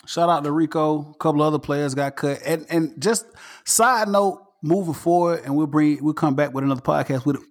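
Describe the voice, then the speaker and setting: A man hosting a casual sports podcast, animated and ranting, repeating himself. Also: a little high, fairly quick. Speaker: podcast host.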